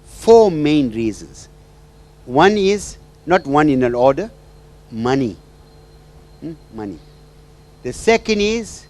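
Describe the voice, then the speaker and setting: A man's voice: fairly high pitch, very animated, slow pace, long pauses, darkish tone. A man giving a storytelling talk as a marriage counsellor, who often checks in with the audience by asking "right?" and "hmm?". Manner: checks in with the audience through repeated "right?" and "hmm?", with sing-song asides. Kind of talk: storytelling lecture.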